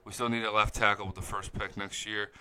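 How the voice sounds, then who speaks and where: A young man hosting a casual live-stream fan chat, excitable and profane, reading viewer comments aloud. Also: lowish voice, brisk, a little hiss or hum. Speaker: fan show host.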